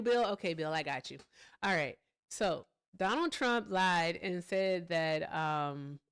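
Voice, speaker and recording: This livestream host has a lowish, clean-toned voice. She runs a casual political commentary stream, swearing freely, speaking bluntly, and pausing her points to talk with viewers.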